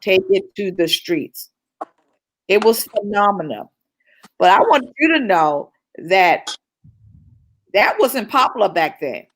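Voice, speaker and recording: A woman's voice: mid-range voice, lively intonation, slow pace, pauses often, rough recording. Woman minister preaching it out, fervent and repetitive. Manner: fervent, preachy, repeats phrases. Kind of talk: impassioned church talk.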